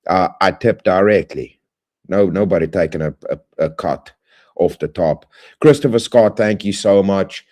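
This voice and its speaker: A man hosting a livestream, closing with rambling, friendly shout-outs to viewers in playful slang. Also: low-pitched, moderate pace. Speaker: livestream host. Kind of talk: casual stream sign-off.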